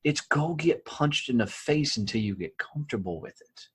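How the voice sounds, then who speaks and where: This middle-aged guest from the rural United States tells casual stories on a podcast, blunt and profane, often checking in with "right?". His mid-range voice has lively intonation, a moderate pace, and a breathy edge.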